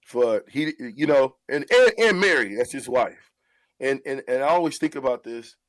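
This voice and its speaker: A man's voice: mid-range voice, expressive, moderate pace, dry recording. A man who is a radio show host, talking in an earnest, heartfelt way about mentoring and often repeating his words as he goes.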